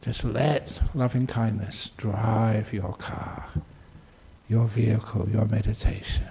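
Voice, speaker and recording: A man leading a guided meditation, soft and unhurried, often dropping into a whisper, with gentle humor. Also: on the low side, fairly even intonation, vocal fry, breathy edge. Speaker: meditation teacher.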